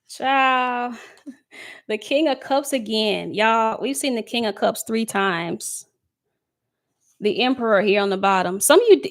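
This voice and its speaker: Chatty woman giving a tarot reading. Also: medium pitch. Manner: chatty, reads chat comments aloud, laughs often. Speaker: tarot reader. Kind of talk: casual live tarot reading.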